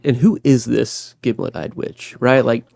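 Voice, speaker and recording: Guy cohosting a podcast, mid pitch, chatty and thoughtful, dry close mic. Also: measured pace, creaky, darkish tone, no room sound. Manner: thoughtful, laughs often, hesitant restarts. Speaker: podcast co-host. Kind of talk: casual chat.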